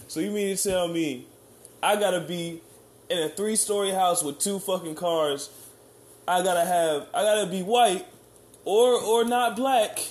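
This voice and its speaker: An American man delivers a heated, rambling rant in a somewhat high voice. His talk is full of profanity and restarts. He keeps checking in with the listener. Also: animated, measured pace, pauses often. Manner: keeps asking "you know what I'm saying". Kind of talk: ranting monologue.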